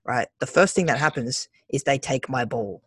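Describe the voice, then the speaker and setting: Young Australian man, chatty storyteller, mid-pitched voice, dry close sound. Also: moderate pace, husky, no echo. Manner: animated storyteller, keeps adding "right?". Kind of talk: casual chat.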